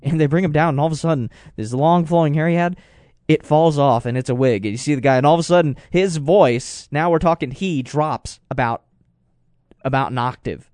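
A man's voice: fairly high pitch, fairly quick, a little mellow, no echo, studio quality. A man giving rambling, digressive commentary with sarcastic asides. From United States. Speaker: political commentator. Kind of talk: casual talk commentary.

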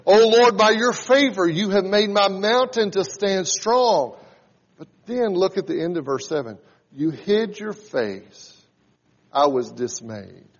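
A man's voice: high voice, expressive, measured pace. A man in his forties preaching a sermon, teaching in a conversational way and reading scripture aloud with rising emphasis. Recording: dull sound in a reverberant hall.

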